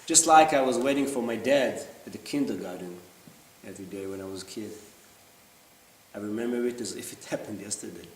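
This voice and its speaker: A man performing a theatrical monologue in an intense, halting, confessional way. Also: lowish voice. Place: theater stage. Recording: roomy stage sound from far off, faint hiss.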